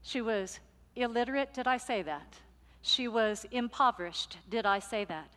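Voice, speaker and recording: A woman pastor telling a story in a sermon, lively and playful in her delivery. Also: fairly high pitch, moderate pace. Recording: long reverb of a large hall.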